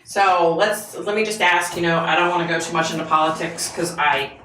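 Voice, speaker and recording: Woman, livestream host, low-ish voice, chatty with fillers, echoey room. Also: brisk, a bit bright, slight background noise. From United States. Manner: chatty, greets viewers by name, many fillers. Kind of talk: casual livestream chat with viewers.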